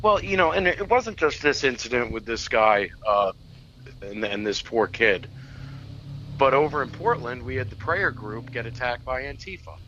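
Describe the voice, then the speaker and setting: A man holds forth on a political talk radio show, blunt and emphatic, swearing when he gets heated. His voice is bright and forceful. The recording sounds a little dull and lo-fi. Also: medium pitch, big pitch swings, normal speed, slight background noise.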